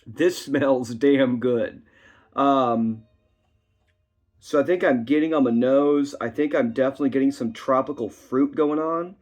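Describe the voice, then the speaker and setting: At home, a man with a mid-range voice gives a rambling, chatty whiskey tasting review at a moderate pace, full of asides. A camera on a tripod records him while faint classical music plays in the background.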